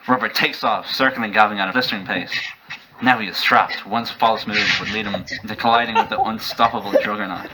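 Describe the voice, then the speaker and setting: Bright-voiced man narrating a mock-epic tale. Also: lowish voice, a little fast, rough recording. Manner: mock-epic deadpan, laughing through lines. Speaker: storyteller. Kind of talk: comedic story narration.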